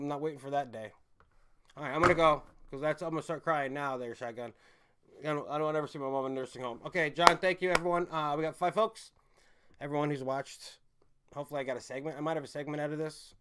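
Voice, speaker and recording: Guy rambling on his stream, cussing a lot, reading chat out, gets loud then mumbles low. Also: clear, resonant tone. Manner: loose, rambling, profane, reads chat comments aloud; swings from loud emphatic bursts to low mumbles. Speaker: livestream host. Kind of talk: casual rambling livestream chat.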